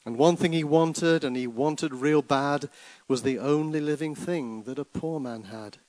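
A man voicing a stern, sorrowful prophet who tells a pointed parable in a measured storytelling way. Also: fairly high pitch, a little mellow, no echo, voice pushed up, close to an everyday voice, low-quality recording. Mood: grave. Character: grave older male prophet, stern and sorrowful.

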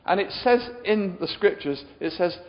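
A man delivers a sermon in a conversational, humorous manner, tossing questions to the crowd. His voice sits a little high, and the long reverb of a big hall trails behind each phrase. The recording itself is dull and lo-fi. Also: lively intonation, moderate pace. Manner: chatty, jokey, asks the audience questions. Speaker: preacher.

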